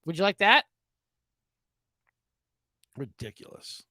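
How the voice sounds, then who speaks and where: A man's voice: high-pitched, big pitch swings, takes it slowly, bright, forceful tone, no room sound, studio quality. A man in his thirties hosting a sports betting podcast, ranting sarcastically and mocking people with put-on voices.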